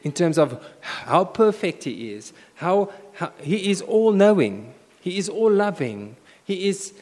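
Brief: animated male preacher, rather high voice that leaps about, long hall reverb. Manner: animated storytelling, swinging between loud bursts and hushed asides. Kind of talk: sermon with personal story.

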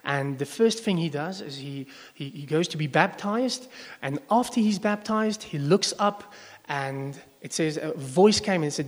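Male pastor, a bit high-voiced, chatty sermon that quizzes the congregation, live in a reverberant church hall. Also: expressive, unhurried. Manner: conversational, asks the congregation questions. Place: church service before a congregation. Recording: long echo of a large hall.

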